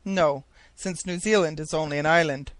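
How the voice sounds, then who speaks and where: A man's voice: a little high, normal speed, fairly bright tone, no room sound, natural voice. A man voicing an eager, talkative male geographer who explains his ideas insistently. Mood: explaining.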